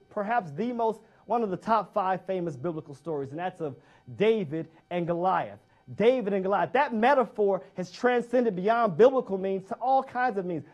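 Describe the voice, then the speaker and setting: High-voiced male motivational speaker. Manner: emphatic, repeats key phrases for effect. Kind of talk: motivational speech.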